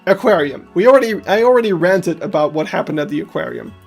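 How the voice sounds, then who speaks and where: Brief: live streamer, casual, cusses a lot, mid-pitched, faint music underneath. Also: darkish tone, breathy edge. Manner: heated ranting, swears freely, laughs at self. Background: faint background music.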